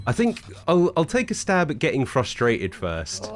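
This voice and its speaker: A man's voice: a little high, huge pitch swings, normal speed, few pauses. A man giving casual let's play commentary with wry, amused asides. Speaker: streamer.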